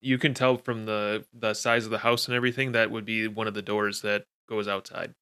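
A man's voice: on the low side, flat delivery, fairly quick, sharp tone, smooth. A man narrating a tabletop horror game as game master, casual and descriptive.

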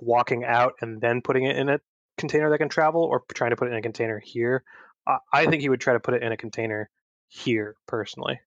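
A man taking part in a tabletop game, working through his character's choices aloud with plenty of ums and pauses. His mid-pitched voice comes through a dull, lo-fi mic with a dry, close sound. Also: no echo. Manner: hesitant, thinking aloud with many fillers. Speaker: player.

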